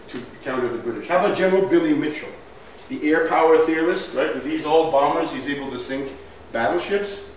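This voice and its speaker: A man's voice: mid-range voice, slight background noise. A man giving a history lecture over slides in an emphatic way, often asking "right?" as he goes. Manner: emphatic, asks rhetorical questions, says "right?" often. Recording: very echoey room from far off, faint ambience.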